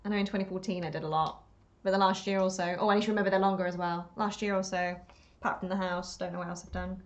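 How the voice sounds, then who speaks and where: A woman's voice: fairly low pitch, fairly even intonation, fast talker, muffled recording. A woman chatting on a live stream while she paints, rambling and talking to herself, self-deprecating and laughing often.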